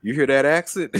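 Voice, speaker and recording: A man's voice: fairly high pitch, breathy edge, no echo. A young American man co-hosting a casual streamed chat, laid-back and slangy, laughing often. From United States. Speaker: co-host.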